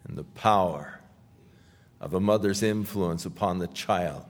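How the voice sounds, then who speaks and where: A male pastor preaching a sermon in a slow, emphatic style that swells loudly on scripture. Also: sits low, big-room sound.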